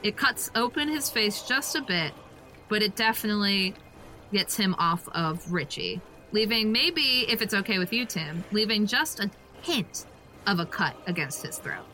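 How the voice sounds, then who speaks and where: A young woman playing a tabletop game, excitable and swearing in quick bursts. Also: medium pitch, faint music behind, poor audio. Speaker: player. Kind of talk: tabletop game actual play.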